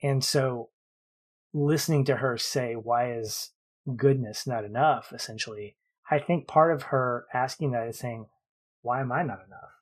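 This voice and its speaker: A man's voice: medium pitch, measured pace. A man co-hosting a podcast, building his points about a film in long, thoughtful runs. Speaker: podcast co-host. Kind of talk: casual film discussion.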